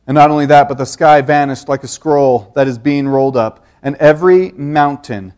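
A man with a high, light voice preaches a sermon. He teaches earnestly, poses rhetorical questions to his listeners and often restarts his sentences mid-thought. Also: moderate pace, darkish tone, clean tone.

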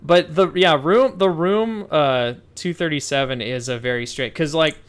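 A man's voice: a little high, normal speed, clear, resonant tone. A man co-hosting a casual film discussion over a remote call, rambling with frequent restarts and hedging fillers. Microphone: remote call connection.

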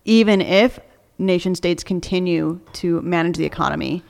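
Woman, podcast co-host, casual debate, argumentative, low voice, reverberant room. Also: moderate pace, vocal fry, a little mellow.

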